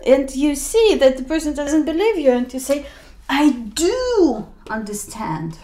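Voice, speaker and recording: A woman's voice: high-pitched, animated, normal speed, mellow. A woman English teacher explaining grammar in a video lesson, acting out example sentences with emphasis.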